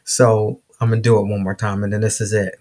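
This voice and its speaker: A man hosting a casual podcast interview, laid-back and quick to laugh. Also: fairly low pitch, flat delivery, darkish tone. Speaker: podcast host.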